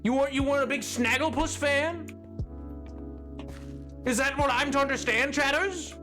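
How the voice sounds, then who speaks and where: A man's voice: very high-pitched, moderate pace, bright, forceful tone, soft background music. Playful male streamer, loose rambling banter with chat. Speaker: game streamer. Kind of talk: casual livestream chat.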